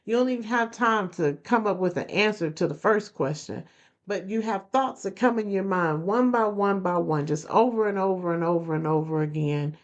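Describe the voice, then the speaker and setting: A woman hosting a podcast, talking earnestly to listeners and repeating phrases for emphasis. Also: lowish voice. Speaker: podcast host. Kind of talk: motivational podcast talk. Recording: dull lo-fi recording.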